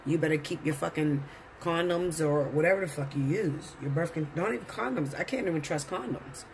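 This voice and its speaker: A man's voice: on the high side, fairly quick, vocal fry, slight background noise. A man giving a casual tarot reading to his viewers, blunt and profane, lecturing them. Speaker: tarot reader.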